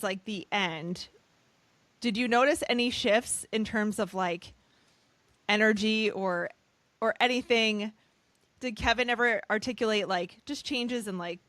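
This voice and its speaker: An enthusiastic woman hosts a podcast interview and winds through long, loosely built questions. Her voice sits at a middle pitch and is recorded close and dry, with no room sound. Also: a bit bright, no room sound. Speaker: podcast host. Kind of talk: conversational interview.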